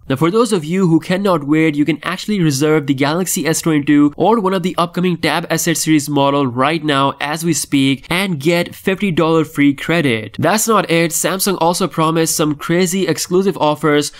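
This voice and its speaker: A man's voice: a little high, normal speed, hardly any pauses. A man hosting a tech news vlog, delivering scripted updates in an upbeat, enthusiastic way. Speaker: tech channel host.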